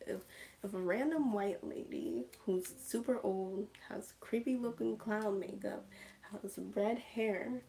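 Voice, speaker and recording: Woman streamer, casual chatty movie recap, mid-pitched, faint noise under the voice. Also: mellow. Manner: chatty, lots of "like" fillers.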